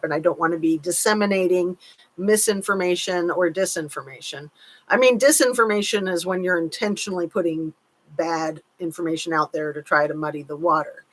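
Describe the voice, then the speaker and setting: A woman's voice: on the low side, fairly bright tone. Chatty woman hosting a live chat. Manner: chatty, reads comments aloud, cautious with hedging. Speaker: livestream host reading viewer chat.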